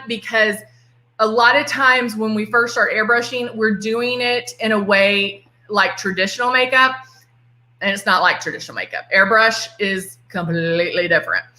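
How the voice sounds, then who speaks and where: A woman's voice: on the high side, sharp tone. A middle-aged woman with a Texan accent, a makeup artist chatting playfully through a live tutorial. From Texas. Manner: chatty and playful, greets viewers by name. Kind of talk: casual live-stream demonstration. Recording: echoey room.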